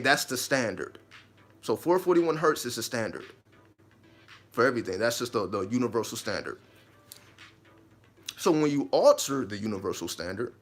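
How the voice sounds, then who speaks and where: A man's voice: lowish voice, a bit bright. A man talking straight to viewers in a casual, emphatic monologue, repeating his points and swearing now and then. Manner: emphatic, repetitive, with occasional swearing. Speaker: host of own video channel.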